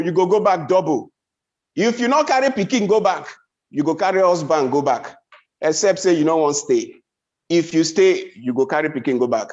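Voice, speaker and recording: Nigerian Pidgin stand-up man, high voice, lively swoops, dull lo-fi event sound. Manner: animated storytelling, big pitch swings. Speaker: comedian. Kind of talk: stand-up comedy.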